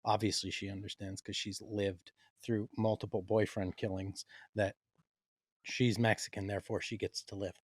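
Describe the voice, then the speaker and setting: A man's voice: on the low side, little pitch movement, normal speed, slightly rough, dry recording, clean studio sound. A man co-hosting a horror movie podcast, joking and sarcastic in casual chat. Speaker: podcast co-host.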